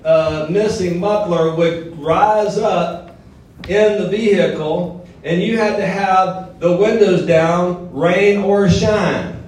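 A middle-aged man with a Southern drawl tells stories from a stage and jokes with the crowd. His voice sits a little high for a man. The sound is heard from some distance, in a big echoing hall with a faint hiss behind it. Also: slow pace, darkish tone. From southern Alabama. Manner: storytelling, joking with the audience. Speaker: guest speaker. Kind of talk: motivational speech. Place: large hall before a live audience.

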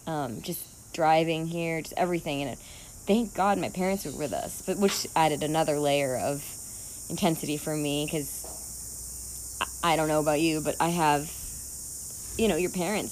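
A woman's voice: sits low, moderate pace, slight background noise. Emotional woman rambling on her podcast. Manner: emotional, rambling, many restarts and fillers. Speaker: podcast host. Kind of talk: casual personal podcast monologue.

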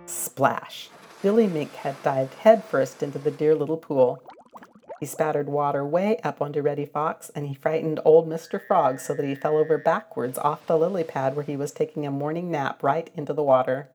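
An older woman reading a children's storybook aloud, gentle and expressive with a sing-song lilt. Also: low-pitched.

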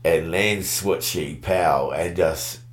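A man, telling a story in a relaxed, slangy way. He keeps it loose and casual, with sudden bursts of excitement. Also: deep voice, extremely slow. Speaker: guest.

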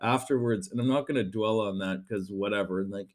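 A man's voice: lowish voice, brisk, a little mellow. A man hosting a podcast and talking in a rambling, chatty monologue, often swearing. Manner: rambling, chatty and profane, with frequent fillers. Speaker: podcast host. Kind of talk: casual solo monologue.

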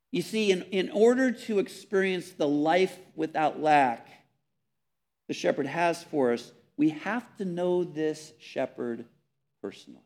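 A man preaching a sermon, earnest and emphatic, repeating words and dropping softly on key phrases. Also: fairly high pitch, unhurried. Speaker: pastor.

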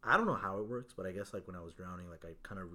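A man's voice: sits low, very fast, pushed and bright. A young man telling a story in casual chat, laid-back and swearing freely, with lots of "like" and "bro".

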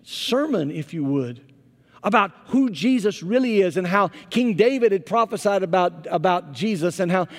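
A man, a pastor, preaching a sermon as an animated storyteller whose volume rises and falls. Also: high voice. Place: church sanctuary. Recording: long reverb of a large hall.

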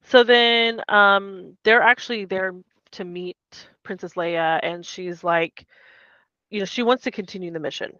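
A woman's voice: mid-range voice, unhurried, pushed and bright, clear, resonant tone, no echo, lo-fi sound. A woman co-hosting a casual podcast, animatedly retelling a book and acting out the characters' lines. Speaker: podcast co-host. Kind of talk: casual chat recapping a book.

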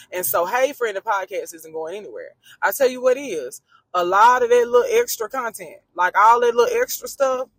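A woman's voice: mid-range voice, a bit bright, husky, no echo. A woman hosting a faith-based podcast from her car, talking to listeners in a chatty, emphatic, preachy way and calling them friend. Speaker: podcast host.

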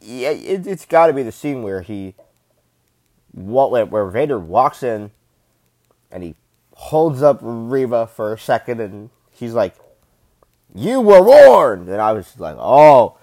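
A man's voice: mid-range voice, lively intonation, unhurried, a little mellow, no room sound. A man rambling in casual, enthusiastic fan commentary, gushing and swearing freely.

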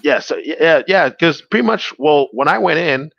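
A man's voice: a little high, expressive, moderate pace, creaky, fairly bright tone, no echo, lo-fi sound. A man, a stand-up comedian guest, telling stories in a casual interview, rambling with fillers and restarts.

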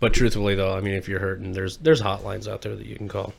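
A man co-hosting a podcast, joking loudly and swearing in casual crude banter with a friend. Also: fairly low pitch, flat delivery, fast talker, gravelly. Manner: loud, profane, joking, laughs often. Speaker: podcast co-host.

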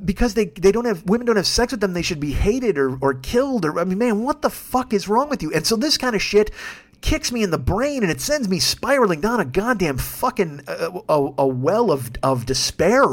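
Fast-talking, swearing man in his fifties. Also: sits high, very animated. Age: 50s. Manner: heavy swearing, fired-up ranting. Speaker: podcast host. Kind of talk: solo ranting monologue.

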